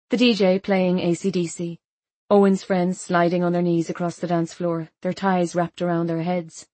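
A woman narrating a novel in the first person, wry and measured. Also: fairly low pitch, level tone, warm tone, no room sound. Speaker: audiobook narrator.

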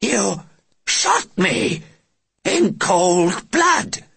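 A man voicing a menacing, contemptuous male alien warrior in an audiobook, with a slow, sneering, drawn-out delivery. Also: on the high side, sing-song, sharp tone, slightly rough, dry recording, voice pushed up, heavily acted. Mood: shocked. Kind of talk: audiobook character voice.

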